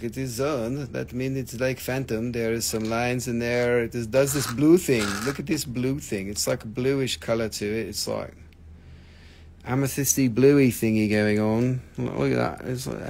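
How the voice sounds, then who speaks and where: In an unhurried, steady, medium-pitched voice that's creaky and a little mellow, an American man runs a live-stream gem sale. His casual sales chat is full of jokes, rambling and swearing as he displays the stones.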